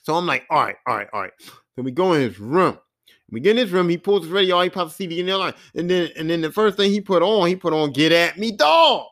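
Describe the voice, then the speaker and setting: Speaking fast in a high-pitched voice, a man in his forties hosts a podcast and rambles through a crude, self-mocking anecdote in casual monologue form.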